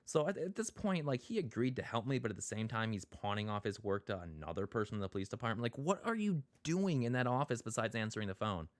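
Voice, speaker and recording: A man's voice: mid-range voice, expressive, fast talker, few pauses, dry recording. A man telling a rambling, exasperated personal story in a casual vlog, full of fillers. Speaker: vlogger.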